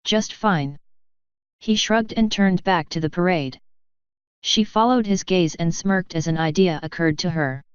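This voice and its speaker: A woman narrating fanfiction in a steady storytelling manner. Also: on the low side, moderate pace, smooth, no room sound. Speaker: audiobook reader. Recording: dry, dull lo-fi recording.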